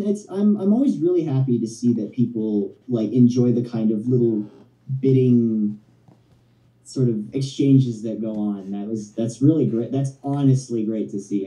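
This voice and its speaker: A man calling in as a guest, chatting casually in a halting, rambling, friendly way. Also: mid-range voice, dark tone. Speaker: phone-in guest. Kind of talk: casual chat. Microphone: phone. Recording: echoey phone call from far off.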